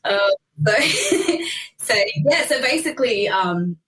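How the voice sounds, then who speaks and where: A woman singer, a guest, telling lively anecdotes in casual chat, laughing often and acting out quotes. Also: fairly high pitch, slow pace, poor audio.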